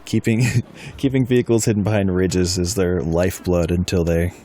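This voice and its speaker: A man's voice: low voice, fairly even intonation, normal speed, mellow, a little hiss or hum. A man running a tabletop wargame session, explaining rules casually and chuckling often. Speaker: game master. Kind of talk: casual tabletop game talk.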